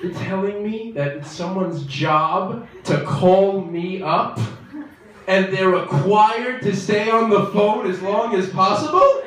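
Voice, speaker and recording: A young man doing a stand-up comedy set in a comedy club, wry and self-deprecating, bursting into loud outbursts. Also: sits high, takes it slowly. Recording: echoey club from far off, crowd noise.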